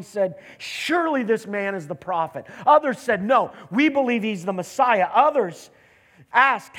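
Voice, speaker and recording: A man preaching a sermon, animated, acting out the lines of Bible characters as he retells the story. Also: very high voice. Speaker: pastor.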